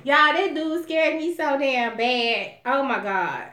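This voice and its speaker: Animated Alabama woman telling a story. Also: high-pitched, slow. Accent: Southern US, Alabama. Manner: animated, profane, addresses viewers as y'all. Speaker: vlogger. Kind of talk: casual storytelling vlog. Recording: echoey room.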